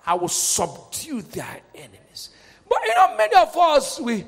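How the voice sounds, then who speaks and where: A male pastor preaching a fervent sermon, jumping from loud shouts down to quiet asides. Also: very high-pitched, huge pitch swings, measured pace. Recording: hall reverb.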